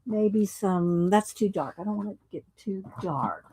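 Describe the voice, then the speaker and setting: A woman's voice: mid-range voice, animated, measured pace, mellow, slight background noise, low-quality recording. A woman chatting casually on a live craft stream, thinking aloud as she picks paint colors and reads viewer chat. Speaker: art streamer.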